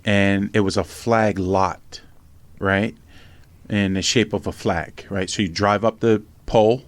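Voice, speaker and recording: A middle-aged man from Pennsylvania telling his life story in a casual interview, animated and blunt, swearing freely and acting out the voices in his tales. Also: on the low side, unhurried, dry recording. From Norristown, Pennsylvania, USA. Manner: animated storyteller, acts out quotes, swears freely, says "right?" often. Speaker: podcast host and memoir author.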